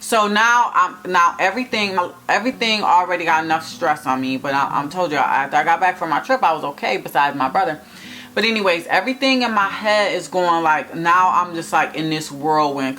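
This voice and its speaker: A young woman in a casual storytime vlog, talking straight to viewers in an animated, emphatic way. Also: low-pitched, moderate pace. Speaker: vlogger telling a personal story.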